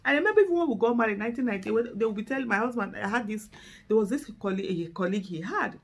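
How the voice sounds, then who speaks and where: She talks very fast in a fairly high, husky, animated voice: a middle-aged Nigerian woman with a Nigerian accent, an activist speaking to camera. Fervent and emotional, she escalates into exasperated outbursts while close to tears and on the edge of breaking down.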